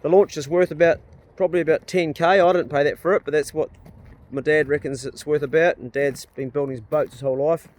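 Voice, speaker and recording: A man's voice: on the high side, steady tone, fairly quick, a little mellow. Blunt, chatty Kiwi man. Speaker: vlogger. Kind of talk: casual chat. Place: outdoors on a rural property.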